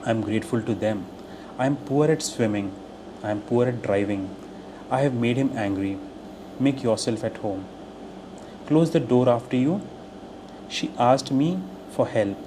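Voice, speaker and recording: A man teaching English, reading short everyday phrases aloud one by one in a clear, deliberate way. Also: medium pitch. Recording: steady air-conditioner hum behind voice.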